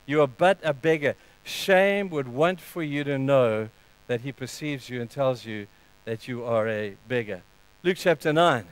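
A man preaching a sermon, telling stories in an earnest, animated way. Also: mid-range voice, a little slow, smooth, poor audio. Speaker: pastor.

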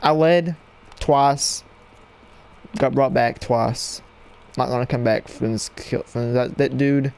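A man giving live gameplay commentary at his computer desk at home, excitable and yelling at opponents in bursts, on a cheap mic with no windscreen. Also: medium pitch, slow, creaky, pauses often, clear, resonant tone. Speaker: gaming channel host. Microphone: cheap headset mic without windscreen.

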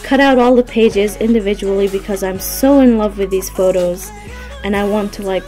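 A woman's voice: medium pitch, normal speed, warm tone, rough recording. A young woman vlogging an album unboxing, gushing with breathless fan exclamations. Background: faint background music.

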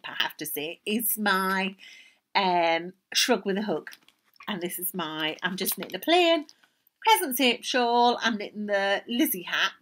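An older woman with a Geordie accent, hosting a knitting podcast in a chatty, rambling way, often dropping into soft asides. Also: mid-range voice. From North East England. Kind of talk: casual chat.

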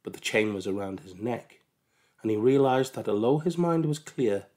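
A man calmly narrating a storybook aloud, with measured delivery. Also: on the low side.

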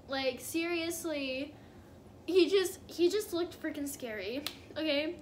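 A woman's voice: high voice, slow pace, a little hiss or hum. A young woman telling a casual storytime on her vlog, chatty and giggly with lots of fillers. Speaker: vlogger.

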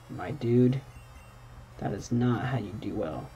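A man's voice: medium pitch, slow pace, long pauses, warm tone, lo-fi sound, a little hiss or hum. A young man casually commentating his own gameplay at home, talking back at the game and bursting into exclamations. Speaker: gaming channel host. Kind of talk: casual let's-play commentary. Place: home room at night.

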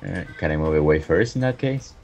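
A man's voice: deep voice, expressive, a little fast, gravelly, darkish tone, muffled recording, soft background music. A man playing a tabletop game, hesitant and laughing between moves. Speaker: player. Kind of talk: casual tabletop game chat.

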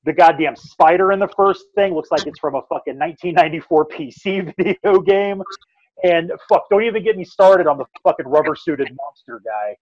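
A man's voice: fairly high pitch, lively intonation, moderate pace, dry recording, lo-fi sound. Ranting, foul-mouthed podcast man. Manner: emphatic, ranting, heavy swearing. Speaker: podcast co-host. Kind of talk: casual profane podcast chat.

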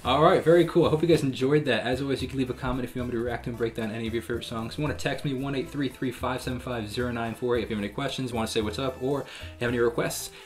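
Fast-talking man reacting to music. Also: medium pitch, steady tone. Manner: chatty and upbeat, frequent fillers and restarts. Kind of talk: casual reaction commentary. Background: faint song playing underneath.

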